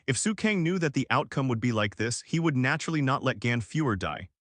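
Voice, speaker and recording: A man narrating an audiobook as scripted narration, reading in a flat, even way. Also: mid-range voice, fairly quick, no room sound.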